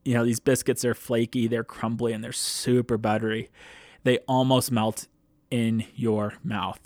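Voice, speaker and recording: A man's voice: medium pitch, level tone, a little slow, darkish tone, no room sound, studio quality. A man hosting a podcast, talking in a casual, enthusiastic way with frequent laughs. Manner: enthusiastic, chatty, laughs often. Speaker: podcast host.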